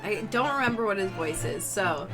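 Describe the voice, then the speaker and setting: A woman's voice: medium pitch, expressive, normal speed. Giggly woman joking over a game. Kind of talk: casual let's-play chat. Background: game music.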